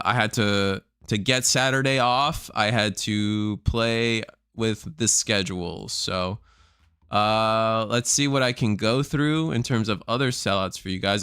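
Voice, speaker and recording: A man's voice: on the low side, fairly bright tone, clean tone, no echo, studio quality. A man chatting casually on a live stream, rambling through announcements and swearing freely, sounding tired and burnt out.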